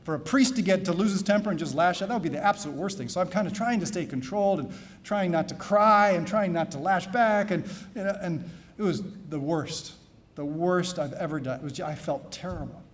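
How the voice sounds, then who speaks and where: A man, a priest, giving a keynote talk at a conference, telling stories softly and then preaching loud and emphatic. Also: high voice, a little fast. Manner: storytelling, shifting from soft confiding to loud emphatic preaching. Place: conference hall.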